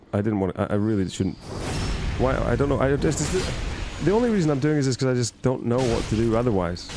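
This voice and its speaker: A man's voice: fairly low pitch, noisy background. A man streaming a game, chatting casually in a rambling, jokey way and often cutting himself off. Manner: rambling, self-interrupting, jokey. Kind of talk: casual gaming stream chat.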